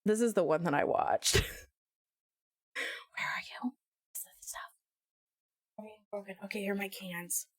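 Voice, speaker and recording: A woman's voice: medium pitch, unhurried, long pauses, no room sound, clean studio sound. A woman live-streaming, chatting casually and jokily with her viewers, often breaking into squeals and laughter. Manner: animated, jokey, sudden squeals and laughs.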